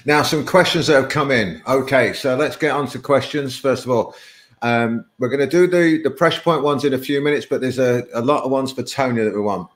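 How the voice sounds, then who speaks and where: Speaking fairly quickly in a medium-pitched voice, a man hosts an informal live webinar. He chats freely, laughs often, and wanders through one story after another.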